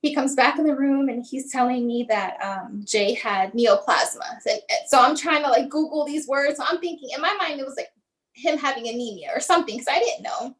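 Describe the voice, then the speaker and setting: Woman, high-pitched, guest telling a personal family story with emotion; acts out the dialogue. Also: lively intonation, a little fast, a bit bright, low-quality recording. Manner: acts out remembered dialogue, frequent "like" and "um". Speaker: guest, mother telling her son's story. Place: lives in the Tampa area.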